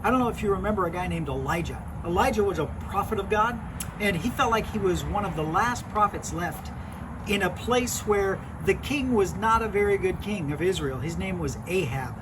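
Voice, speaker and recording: A man from a children's ministry tells a Bible story to kids in an animated way. His voice is high for a man, and he sometimes repeats words as he goes. Outdoor noise is clearly heard in the background. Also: fairly quick. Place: outdoors in a backyard by a fire pit. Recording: noisy outdoor recording.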